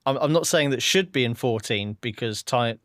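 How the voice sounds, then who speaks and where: Man, podcast host, casual chat, hesitant, restarts, mid pitch, dry recording. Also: normal speed, a bit bright, no room sound.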